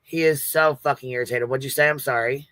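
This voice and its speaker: A man's voice: medium pitch, steady tone, fairly quick, bright, forceful tone, no echo. A man hosting a livestream, talking bluntly in casual commentary and swearing constantly. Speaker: livestream host.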